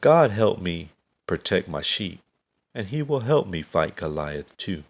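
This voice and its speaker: A brave young shepherd boy speaks with earnest determination, pitched a little above a deep, slow voice, as a male storyteller puts him on. Behind it, a gravelly edge stays. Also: big pitch swings, exaggerated voice.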